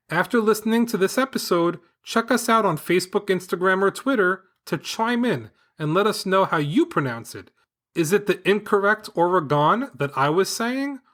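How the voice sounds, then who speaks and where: A man hosting a children's podcast with his daughter, reading a script in an upbeat, enthusiastic, clearly paced way. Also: high-pitched, a bit bright. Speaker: podcast host and father. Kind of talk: scripted podcast narration for kids.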